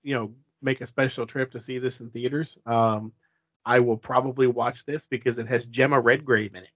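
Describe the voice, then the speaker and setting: A man's voice: medium pitch, steady tone, moderate pace, fairly bright tone, dull audio. A man co-hosting a casual movie chat, throwing out goofy, playful riffs. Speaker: podcast co-host.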